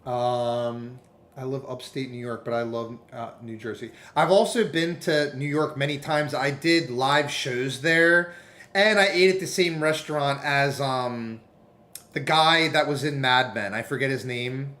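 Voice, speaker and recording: A man's voice: mid-range voice, a little slow, pushed and bright. A man streaming and chatting casually, rambling through anecdotes and putting on other people's voices.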